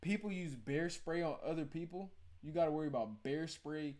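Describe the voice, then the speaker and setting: Joking man streamer, higher voice. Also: brisk. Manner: loud, joking, mocking slang banter. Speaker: livestream reaction host. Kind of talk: casual livestream chat with viewers.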